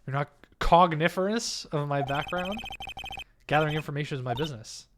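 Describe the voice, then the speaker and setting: A man's voice: on the high side, fairly quick, background noise, natural voice. A man reading as an oily scheming villain. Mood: menacing. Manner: oily, mock-polite. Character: smug scheming male villain, older businessman. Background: game music.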